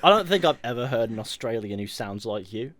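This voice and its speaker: A man's voice: medium pitch, lively intonation, a little fast, over a noisy crowd. A man with a light Northampton accent tinged Northern and West Country, co-hosting a podcast in sweary, laughing banter. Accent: light Northampton mixed with Northern and West Country. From England. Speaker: podcast co-host. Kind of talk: casual chat.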